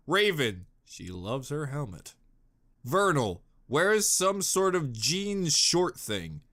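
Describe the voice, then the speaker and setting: A man hosting a reaction video, chatting casually and goofily, jumping between low mutters and excited yells. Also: slow. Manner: goofy, exclamatory, jumps between mutters and yells.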